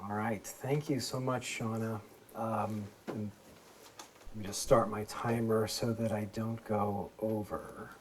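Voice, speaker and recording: A man's voice: on the low side, level tone, slow pace, a little hiss or hum. A man, a law professor, giving a public lecture through a microphone, explaining things plainly and informally for laypeople. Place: event space with a live audience.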